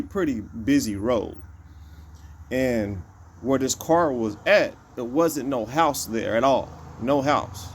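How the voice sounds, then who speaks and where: A man's voice: medium pitch, slight background noise. A man recounting a personal event in casual, repetitive storytelling, often circling back with "you know" and "like I say.".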